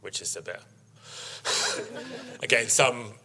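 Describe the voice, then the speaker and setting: A man with a bright, forceful tone and a fairly low voice tells stories from the show ring to a live workshop crowd. He is chatty and animated, acting out quotes and laughing as he goes. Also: slow, a little hiss or hum. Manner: chatty storyteller, acts out quotes, laughs often. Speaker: sheep breeder giving a workshop talk. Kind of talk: informal presentation to an audience. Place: live workshop in front of an audience.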